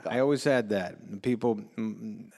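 A middle-aged man chats loosely as an interview guest, laughing a lot and repeating himself as he goes. His voice is low and gravelly. A long hall reverb trails behind him. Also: darkish tone. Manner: laid-back, laughs often, repeats words, slips into quick impressions. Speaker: actor and comedian guest. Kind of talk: casual interview chat.

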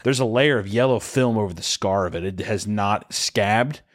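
A man's voice: fairly low pitch, normal speed. A man telling a rambling, profane story in casual chat and acting out the people in it. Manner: profane, animated, acts out voices in quotes.

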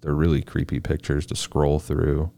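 In a casual true-crime podcast, a male co-host with an extremely low, dark voice reads out the researched facts he is presenting, tossing in short asides. His delivery is flat, at normal speed, with vocal fry and no echo.

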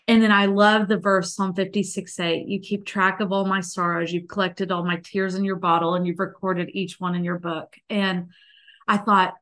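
A woman's voice: medium pitch, level tone, moderate pace, fairly bright tone. A woman, likely in her thirties, telling a guest in an interview her emotional personal faith story, earnest and full of restarts. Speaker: podcast guest.

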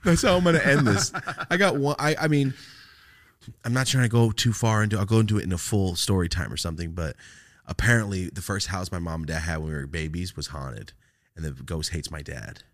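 A man's voice: deep voice, fairly quick. A young man from California, a podcast host, telling stories in casual chat, swearing constantly and laughing often. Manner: animated storytelling, laughs a lot, cusses constantly.

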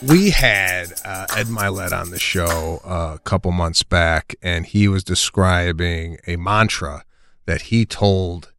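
A man hosting a casual podcast, asking his guests eager, animated questions. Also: sits low, no echo, studio quality. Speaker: podcast host.

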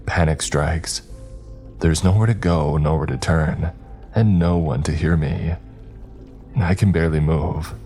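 A man's voice: extremely low pitch, mellow. A man narrating a first-person horror story in a tense, dramatic manner.

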